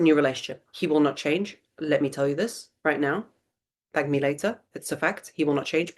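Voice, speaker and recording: Blunt woman coaching a live webinar. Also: low voice. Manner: blunt, emphatic advice with rhetorical questions. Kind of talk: live webinar Q&A, reading out and answering viewer questions.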